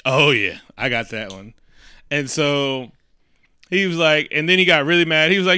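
A man's voice: a little high, normal speed, pushed and bright, clear, resonant tone, no room sound, studio quality. A man in casual, crude banter, recapping a movie and acting out the characters' lines.

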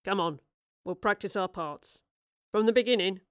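A woman voicing a man in his thirties who speaks calmly and reassuringly, with gentle teasing. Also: mid-range voice, normal speed, no echo, clean studio sound, natural voice.

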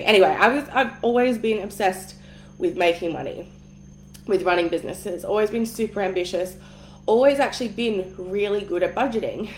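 Female coach, candid storyteller, casual cursing, mid pitch, roomy echo. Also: a little hiss or hum. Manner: frank and chatty, swears casually, laughs through the story. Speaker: money mindset coach. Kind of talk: candid personal storytelling in an online course. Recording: echoey room.

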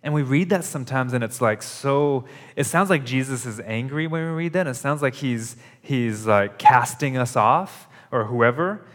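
A man's voice: medium pitch, normal speed, few pauses. A male pastor preaching a sermon at a church service, in an earnest, conversational way that repeats its phrases for emphasis. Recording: long hall reverb.

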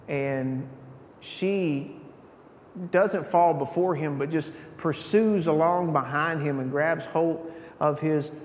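A man preaching a sermon in a conversational, storytelling way, with asides to the congregation. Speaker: pastor. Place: church sanctuary. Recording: echoey church hall, faint rumble.

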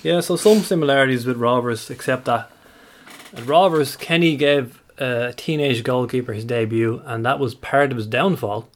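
Guy on a football pod, calm and informative, dry jokes, normal pitch. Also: normal speed, a little hiss or hum. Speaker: podcast co-host. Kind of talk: casual football chat.

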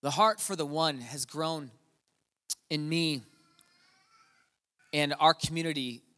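Preacher, male, middle-aged, bright and fairly high voice, storytelling sermon with long hall reverb. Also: steady tone, slow. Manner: storytelling, swings from quiet to shouting. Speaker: pastor. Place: church hall.

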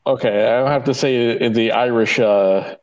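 A man's voice: mid-range voice, fairly even intonation, moderate pace, dull audio. A man who is a guest on a podcast, answering quiz questions and stammering while he searches for answers. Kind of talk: casual podcast banter.

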